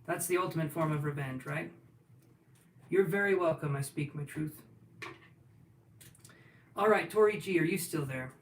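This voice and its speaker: A man's voice: fairly high pitch, moderate pace, long pauses, far from the mic. A man reading tarot cards on a casual livestream, chatting and joking as he answers viewers' questions. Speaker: tarot reader. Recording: roomy sound from off-mic, faint room noise.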